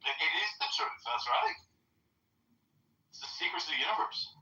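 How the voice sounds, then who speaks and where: A man's voice: fairly high pitch, huge pitch swings, moderate pace, bright, forceful tone. A man rambling casually, full of fillers, shrugging off insults in a podcast chat. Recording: roomy, distant, dull audio.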